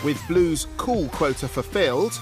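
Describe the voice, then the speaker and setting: A male narrator reads a documentary script with a dry, tongue-in-cheek wit. His voice sits a little high for a man, and music plays underneath him. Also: expressive, a little slow.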